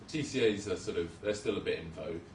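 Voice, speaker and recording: A young man with a low voice talks casually and self-deprecatingly about his work, with plenty of ums and restarts. He is heard from some distance, in an echoey hall with a little room noise behind him. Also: fast, darkish tone. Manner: chatty, self-deprecating, hesitant with many ums. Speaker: junior doctor giving a talk. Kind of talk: casual presentation with slides. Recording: roomy hall, speaker far from mic.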